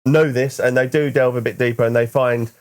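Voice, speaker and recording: Man, halting thoughtful host. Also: medium pitch, steady tone, darkish tone. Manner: thoughtful, halting, repeats words when starting. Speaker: podcast host. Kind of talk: casual chat.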